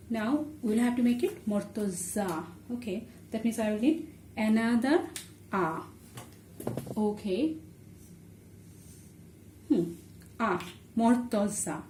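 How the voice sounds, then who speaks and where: Slow, patient woman teaching letters. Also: mid-range voice, mellow, slight background noise. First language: Bengali. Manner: patient, explaining step by step while writing. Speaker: language teacher. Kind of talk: online language lesson. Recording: echoey room with faint ambience.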